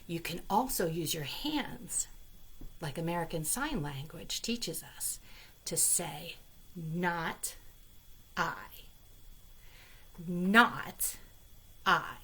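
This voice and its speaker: A woman children's librarian leading a storytime, speaking gently and in a sing-song way to young children. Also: low voice, lively intonation, moderate pace, slightly rough.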